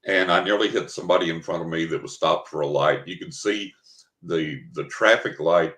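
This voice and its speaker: Brief: older man from West Texas, very low voice, dramatic interview storyteller, echoey room. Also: moderate pace, fairly bright tone. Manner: vivid, dramatic storyteller who acts out his own thoughts. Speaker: guest. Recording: roomy, echoey recording.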